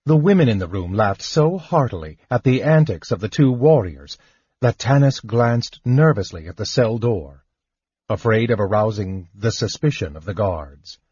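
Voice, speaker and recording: Husky guy reading an audiobook, slow and measured, dull lo-fi sound. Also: lowish voice, lively intonation, darkish tone, no echo. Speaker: audiobook narrator. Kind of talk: audiobook narration. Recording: dull, dry lo-fi recording.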